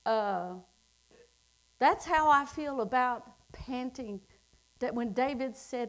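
Slow, high-voiced woman preaching. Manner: slow, drawn-out scripture reading, rising to emphatic declarations. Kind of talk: sermon.

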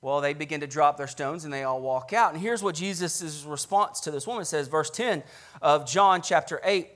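A man preaching a sermon with passion, telling scripture stories in a conversational way and swinging from loud, emphatic peaks to hushed, soft lows. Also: normal speed. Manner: storytelling, retells scripture scenes conversationally.

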